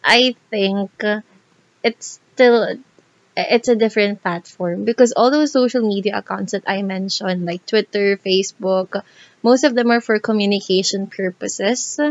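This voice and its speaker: A woman's voice: mid-range voice, unhurried. Chatty woman co-host, muffled recording. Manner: explanatory, filled with "like". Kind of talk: casual podcast chat.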